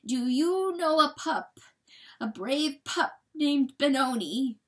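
A woman's voice: high-pitched, lively intonation, recorded from a distance, pitched above the performer's own voice, heavily acted. Ferric, a woman voicing a grieving father coyote. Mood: broken. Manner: halting, pleading, often breathy and hushed. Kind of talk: dramatic audiobook reading.

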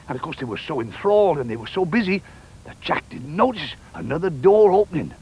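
An older man telling a children's story in an animated, playful way, with sound effects. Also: a little high, brisk, husky, low-quality recording.

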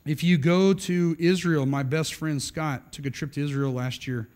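A man's voice: a little high, steady tone, normal speed, darkish tone. A middle-aged man preaching a sermon in an emphatic, conversational way, often tagging lines with "right?". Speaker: pastor.

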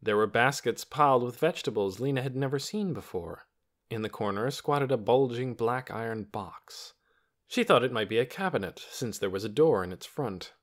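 A man's voice: medium pitch, expressive, normal speed. A man narrating a children's novel as an audiobook, telling the story expressively.

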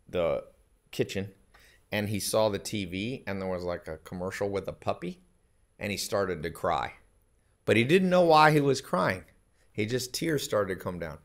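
Male podcast guest, lowish voice, punchy anecdotal delivery with frequent chuckles. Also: gravelly. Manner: emphatic, anecdotal, laughs often mid-sentence. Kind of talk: casual chat.

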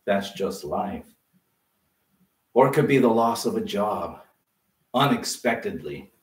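A man preaching a sermon as pastor, lively and conversational, full of rhetorical questions. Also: lowish voice, slow. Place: church sanctuary. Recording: roomy sound from a distance.

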